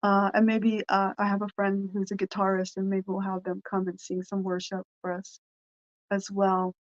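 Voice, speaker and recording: A woman's voice: mid-range voice, monotone, moderate pace, highs cut off. A woman pastor and podcast host giving an informal devotional talk, rambling and earnest, with frequent restarts and fillers.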